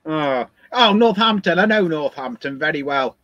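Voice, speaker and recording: Scouse guy chatting on a stream, relaxed and friendly, muffled lo-fi sound. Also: on the high side, normal speed. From Liverpool, England. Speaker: livestream guest. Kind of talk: casual chat. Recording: dull lo-fi audio.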